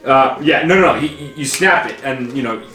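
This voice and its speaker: Man, game master, casual halting narration, echoey room, faint music behind. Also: mid-range voice, bright, forceful tone. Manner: casual, halting, many fillers.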